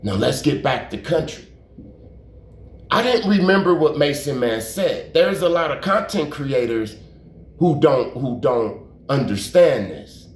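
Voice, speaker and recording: A man's voice: medium pitch, sing-song, a little slow. A man telling a story in a casual, rambling way, repeating himself, using slang and cursing for emphasis. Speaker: YouTube storyteller. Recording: roomy echo.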